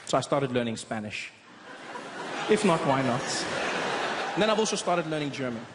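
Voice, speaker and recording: Animated South African comedian on stage. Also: male voice, mid-range voice. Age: 30s. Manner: animated, quick, playful storytelling. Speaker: stand-up comedian. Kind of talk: stand-up comedy set. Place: large theater stage. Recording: echoey theater with crowd noise.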